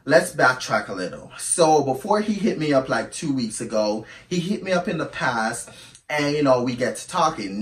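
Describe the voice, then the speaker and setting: Far from the microphone in an echoey room, a man with a medium-pitched voice delivers a casual storytime monologue. The YouTuber is chatty and expressive and refers to his listeners as "girl."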